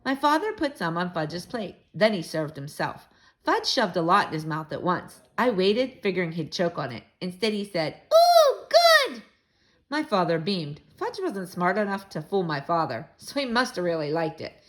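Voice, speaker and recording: A woman reading a children's book aloud to young listeners, with expressive, animated storytelling. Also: lowish voice, normal speed.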